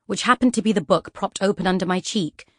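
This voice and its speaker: A woman narrating a children's fantasy audiobook in an expressive storytelling style. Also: medium pitch, brisk, dry recording, clean studio sound. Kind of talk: scripted children's book narration.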